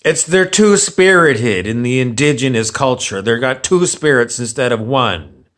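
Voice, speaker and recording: A man's voice: mid-range voice, animated, a little slow, a bit bright. A man ranting on camera as a vlogger, sarcastic and meandering, often repeating himself. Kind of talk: rambling opinion rant.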